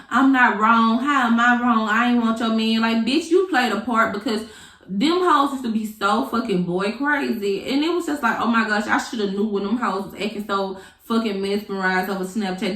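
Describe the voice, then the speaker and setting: A woman's voice: medium pitch, reverberant. A young woman vlogger telling a storytime in casual, profane, dramatic speech with features. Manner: animated, profane, dramatic retelling.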